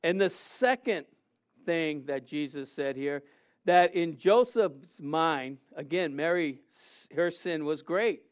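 A man preaching a sermon, animated and conversational, often acting out quotes in a raised voice. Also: on the high side, takes it slowly, clear, resonant tone. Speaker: pastor. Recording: dull lo-fi sound.

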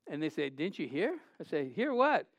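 A male pastor preaching a sermon, telling personal stories with animated delivery and acted-out quotes. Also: on the high side, moderate pace, no room sound. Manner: animated preaching, storytelling, acts out quoted voices.

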